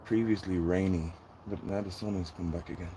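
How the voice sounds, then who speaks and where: Deep-voiced Dublin man chatting live. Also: steady tone, fairly quick, noisy background. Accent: Dublin Irish. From Ireland. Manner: chatty, rambling, talks to his viewers while working. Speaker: gardening channel host. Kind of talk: casual live-stream chat. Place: garden.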